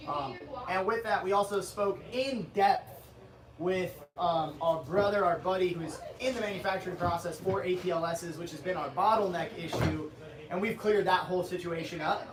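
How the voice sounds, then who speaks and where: A man's voice: sits high, moderate pace, roomy sound, a crowd in the background. A man co-hosting a company livestream, chatting loosely with viewers and joking with his co-host. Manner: loose, joking, talks to chat, says dude. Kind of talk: casual livestream chat.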